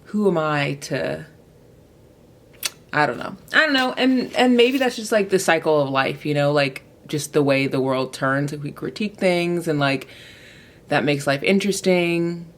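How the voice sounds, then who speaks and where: A woman's voice: sits low, unhurried, echoey room. A young woman chatting casually to camera about books, rambling and filler-heavy. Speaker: book vlogger.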